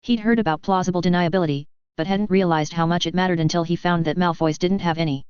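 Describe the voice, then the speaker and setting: A woman narrating a fan story audiobook with steady, even storytelling. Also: lowish voice, quick pace, clear, resonant tone, dry recording, dull audio.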